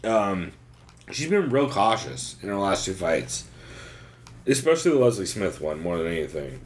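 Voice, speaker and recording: A man's voice: deep voice, sing-song, normal speed, a little hiss or hum. A man co-hosting a podcast, breaking down fight cards in a loose, profane, joking way and laughing often. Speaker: podcast co-host. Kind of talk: casual chat, fight breakdown.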